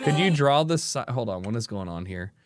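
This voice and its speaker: A man streaming casually, reacting out loud with swearing and frequent laughter. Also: mid-range voice, a little fast, music in the background. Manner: animated, swearing, laughing often.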